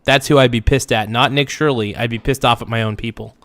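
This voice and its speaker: A man's voice: mid-range voice, steady tone, brisk, fairly bright tone, dry recording. Blunt, emphatic man ranting on a livestream. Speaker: livestream reaction host. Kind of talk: ranting reaction commentary.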